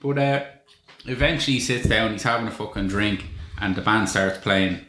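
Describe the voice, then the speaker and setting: A man's voice: fairly low pitch, moderate pace, bright, forceful tone. A man co-hosting a podcast, reviewing a film in a casual, wry and sweary way. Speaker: podcast co-host. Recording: echoey room with faint noise.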